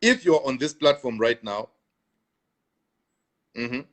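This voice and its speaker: A man's voice: medium pitch, expressive, slow pace, a bit bright. Emphatic man repeating his points. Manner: repetitive, emphatic, stammering restarts. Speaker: online preacher answering viewers. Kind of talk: live-stream talk.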